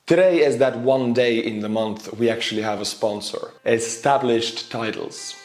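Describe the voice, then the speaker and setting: A man's voice: medium pitch, normal speed, a little mellow, soft background music. Wry man narrating. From Estonia. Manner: dry, wry humor. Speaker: war commentary host. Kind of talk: narrated video commentary. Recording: roomy echo.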